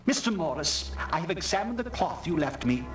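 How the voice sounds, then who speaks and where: An actor playing a learned expert reading out a formal report in a video game. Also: male voice, on the high side, very animated, brisk. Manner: formal, precise reading of a letter. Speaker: scholar reporting a cloth analysis. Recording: roomy, distant game audio with music. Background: game music.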